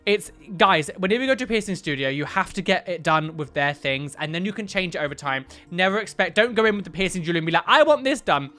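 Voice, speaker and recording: A young man hosting a reaction video, animated and exclamatory with frequent laughs. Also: sits high, fast, hardly any pauses, faint music behind. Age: young adult. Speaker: YouTube reaction host. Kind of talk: reaction commentary.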